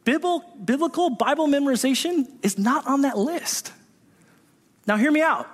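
A man preaching a sermon in an animated storytelling manner, acting out the voices of people in his anecdotes. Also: very high voice, moderate pace. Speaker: pastor. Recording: echoey hall reverb.

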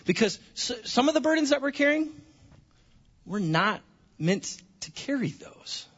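High bright-voiced male pastor preaching. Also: very animated, measured pace, husky, lo-fi sound. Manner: conversational, repeats words, restarts phrases. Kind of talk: sermon. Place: church.

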